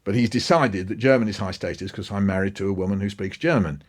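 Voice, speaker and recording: A man, a guest in a podcast interview, telling stories in an animated way with his pitch swinging up and down. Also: fast.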